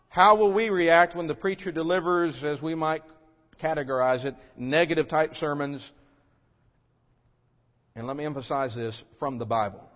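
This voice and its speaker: A man preaching a sermon in a fairly high voice, pushing his points with loud rhetorical questions before sinking low and quiet. His voice carries a long reverb from the sanctuary. The recording sounds dull and muffled. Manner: emphatic, rising to loud rhetorical questions then dropping low. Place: church sanctuary.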